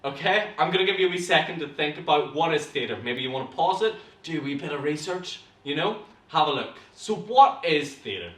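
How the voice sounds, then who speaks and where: A young man with a Northern Irish accent, leading an energetic online acting class and cheering students on through warm-ups. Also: a little high, a little fast, few pauses. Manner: lively, encouraging, coaching warm-ups aloud. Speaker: acting teacher. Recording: roomy echo, from a distance.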